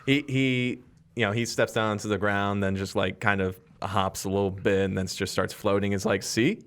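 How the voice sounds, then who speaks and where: A man narrating a tabletop game as game master, describing scenes in a relaxed way with many fillers. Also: fairly low pitch, normal speed, smooth.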